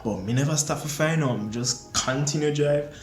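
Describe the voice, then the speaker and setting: A man's voice: on the high side, moderate pace. Young man lilt, storytime. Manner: animated, acts out his own panicked reactions. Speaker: storyteller vlogger. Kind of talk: casual storytime vlog. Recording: echoey room with faint music.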